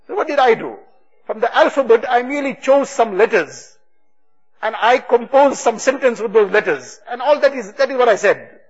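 Man, religious sermon, storytelling, high voice, husky, muffled recording. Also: lively intonation, fairly quick. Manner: retells stories with quoted dialogue. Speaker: religious speaker. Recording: dull lo-fi recording.

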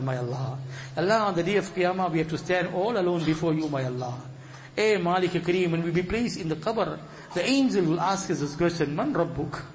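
A man's voice: sits high, slight background noise. A man leading a long, fervent Islamic supplication, his voice rising into tearful pleading.

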